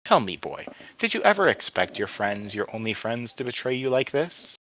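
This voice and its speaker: A sly old wind spirit talks in a small, candid, wheedling voice, pitched a little higher than a plain man's speech, as a man reads it out. The tone is bright and forceful. The recording is dry and close. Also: very animated, moderate pace, dry recording.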